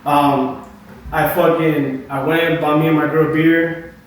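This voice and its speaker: A young man, a barber and podcast co-host with a slightly higher voice, tells his story slowly in a loose, slangy barbershop chat, swearing freely and saying "bro" constantly. He's far from the mic in a very echoey room, with faint noise in the background.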